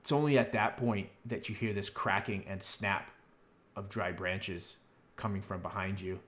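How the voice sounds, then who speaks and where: Low-voiced man as game master. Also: fairly even intonation, moderate pace, fairly bright tone. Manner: rambling with many fillers. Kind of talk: narrating a tabletop game.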